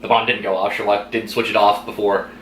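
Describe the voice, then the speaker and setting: Male vlog host, rapid and bright, chatty reviewer acting out quotes; echoey room. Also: on the low side. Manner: fast, animated retelling with quoted lines and laughs. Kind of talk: casual chat. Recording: echoey room with faint noise.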